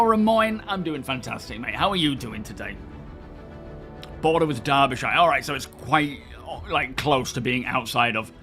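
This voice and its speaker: Thirties man, mid-pitched, easygoing chat-reading streamer, faint music behind. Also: bright, forceful tone. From England. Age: 30s. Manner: chatty, greets viewers by name, friendly banter. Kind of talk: casual live-stream chat.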